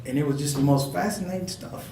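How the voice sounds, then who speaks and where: A man's voice: a little high, quick pace, gravelly. A comedian in his forties tells stories on a panel, slipping into the voices of the people he quotes. His voice sounds a bit far from the mic, in a roomy, echoing hall. Background noise runs under it. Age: 40s. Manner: animated storyteller who acts out quoted voices with laughter. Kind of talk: storytelling panel talk.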